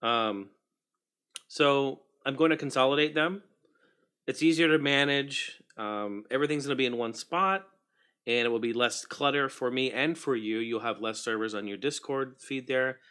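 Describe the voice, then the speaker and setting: A man talks casually to his livestream audience in a bright, forceful voice, middle pitch. He calls out viewers by name and murmurs asides while he works on his setup. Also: normal speed, clear, resonant tone. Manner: chatty, greets viewers by name, mutters while fixing tech. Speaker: livestream host.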